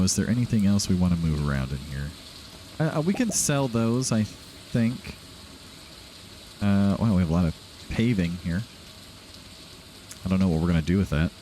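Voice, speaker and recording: Relaxed man hosting a game playthrough, low, lively voice, chatty and rambling. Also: a little hiss or hum. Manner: chatty, rambling, laughs often. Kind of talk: casual gameplay commentary.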